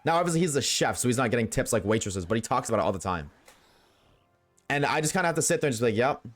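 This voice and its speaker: A man's voice: mid-range voice, sing-song, rapid-fire, faint music behind. A man streaming a game, ranting bluntly to his live chat and swearing freely. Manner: chats with viewers while playing. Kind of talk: casual rant to live chat.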